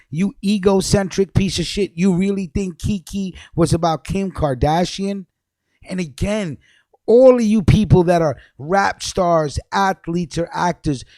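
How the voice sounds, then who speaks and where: Man, angry profane rant, fairly high voice, loud outbursts and low mutters, dry mic. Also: no room sound. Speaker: livestream host. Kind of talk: profane ranting commentary.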